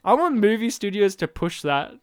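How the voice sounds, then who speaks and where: A man's voice: sits high, very animated, normal speed, clear, resonant tone, dry recording, studio quality. A man co-hosting a casual film chat podcast, chatty and laughing often, with many fillers. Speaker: podcast co-host.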